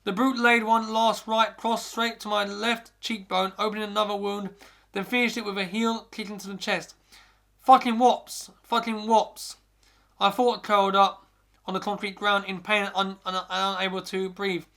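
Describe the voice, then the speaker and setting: Man with a high, gravelly voice. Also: flat delivery, moderate pace, pushed and bright. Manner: first-person narration with frequent stumbles and restarts. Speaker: podcast host. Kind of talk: reading a scary story aloud.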